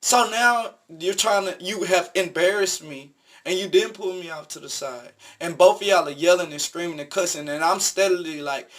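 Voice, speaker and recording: A man's voice: sits high, moderate pace, bright, forceful tone. A man vlogging, telling a personal story in an earnest, emphatic, repetitive way. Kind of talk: casual storytelling monologue.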